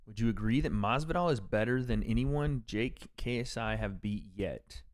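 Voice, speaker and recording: Male streamer, slightly low voice, loose banter and quick fight reactions. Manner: joking, rambling, quick reactions. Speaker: livestream host reading chat. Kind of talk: casual live commentary on fights.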